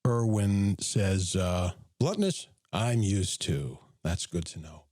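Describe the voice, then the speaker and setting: A man's voice: deep voice, expressive, slow pace, a little mellow, no echo, studio quality. A man hosting a live reaction stream to his own show, reading chat and commenting emphatically with jokey asides.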